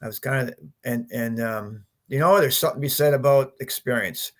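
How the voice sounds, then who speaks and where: Male podcast guest, fifties, mid-pitched, animated storyteller who acts out the dialogue. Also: brisk. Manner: animated storyteller, acts out his own quotes, laughs often. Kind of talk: storytelling interview.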